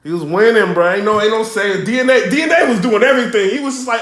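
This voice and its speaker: A young man giving an excitable reaction commentary on a rap battle, yelling and repeating himself. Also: high-pitched, fast. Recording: echoey room.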